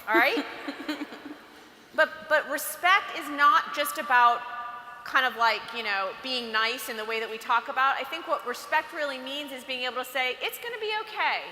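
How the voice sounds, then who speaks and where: A woman speaks to teenage girls at an event in a high, sharply bright voice. She is chatty and animated and acts out what girls say to each other. The sound is roomy, with a long hall reverb and faint ambience behind her. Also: slight background noise. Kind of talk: motivational talk to teen girls.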